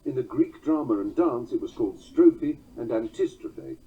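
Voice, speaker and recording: A man reading a book on poetry aloud, measured, chanting verse rhythms and reciting quotations slowly. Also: mid-range voice, expressive, warm tone, slightly rough. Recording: tinny phone-like sound.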